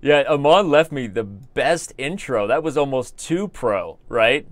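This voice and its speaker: A man's voice: mid-range voice, animated, a little slow, no echo. An American man commentating his live online chess games, joking and rambling as he talks to viewers in the chat. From United States.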